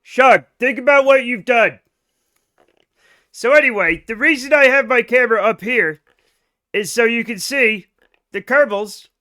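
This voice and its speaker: A man streams a game live, talking to his chat in an animated, joking way with casual swearing. His voice sits high and sounds bright and forward. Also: a little slow, long pauses.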